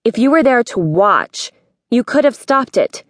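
A woman's voice: a little high, big pitch swings, measured pace, dry recording, studio quality, pitched above the performer's own voice. Female narrator doing a tense young princess who pushes her questions hard. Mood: angry. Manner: urgent, rising to near shouting. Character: young princess, wary, angry, on the run.

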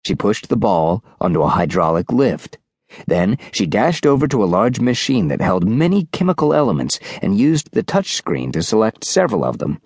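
A male audiobook narrator reading a children's story with lively, animated delivery. His voice sits on the low side and moves a lot, recorded close and dry. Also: normal speed, slightly rough, dry recording. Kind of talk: scripted narration.

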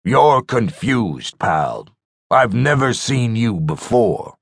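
A man narrating an audiobook voices a hulking, threatening male cyborg with a metal arm and a gruff manner. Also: mid-range voice, sing-song, slow, no echo, clean studio sound, heavily acted. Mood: menacing.

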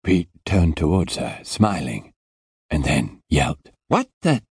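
Very deep, slow male audiobook narrator. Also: breathy edge, no echo, studio quality. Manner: unhurried, expressive storytelling. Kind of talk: scripted narration.

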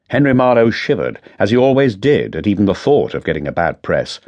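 A man narrating a crime novel audiobook in a dry, measured storytelling manner. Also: fairly low pitch, very animated, a little mellow. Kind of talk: scripted narration.

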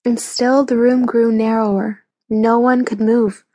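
A woman narrating a children's audiobook in a clear, even storytelling manner on a close mic. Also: on the high side, unhurried, dry recording.

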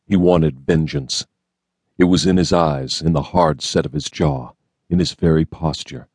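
A man narrates an audiobook in a steady, measured way. His voice is very low and even. The recording is close and dry, made at a studio mic. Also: husky, dry recording. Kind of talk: scripted narration.

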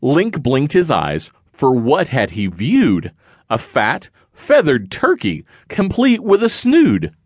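A man's voice: mid-range voice, husky, no echo, clean studio sound. A man narrating a rhyming children's picture book in a sing-song read-aloud manner. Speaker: audiobook narrator.

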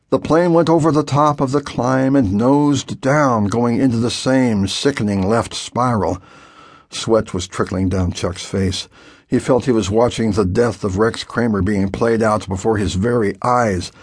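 Casting note: husky male storybook narrator, animated delivery, dry studio sound. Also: on the low side, unhurried, dry recording. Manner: vivid, expressive storytelling. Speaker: audiobook narrator. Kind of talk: scripted storybook narration for children.

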